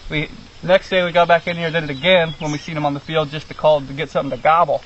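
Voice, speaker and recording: A young man tells the hunt story with lively energy, acting out the voices of those involved, his pitch a little high. The audio is dull and muffled, with faint hiss and crickets from the open field. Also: quick pace. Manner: animated storyteller, acts out quotes. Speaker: hunter, son. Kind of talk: casual outdoor recounting. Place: outdoors in rural fields. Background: crickets and insects.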